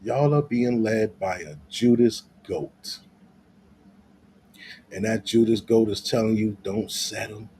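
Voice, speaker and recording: A man's voice: fairly low pitch, slow, long pauses, dark tone, a little hiss or hum. A man giving loose, profane commentary in a vlog, laughing often as he rants. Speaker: vlogger.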